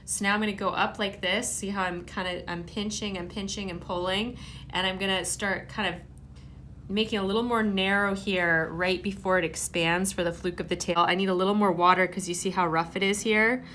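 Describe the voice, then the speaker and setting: A woman's voice: medium pitch, fairly even intonation, brisk, a bit bright, slight background noise. A woman giving a hands-on clay tutorial, explaining each step patiently. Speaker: clay art teacher.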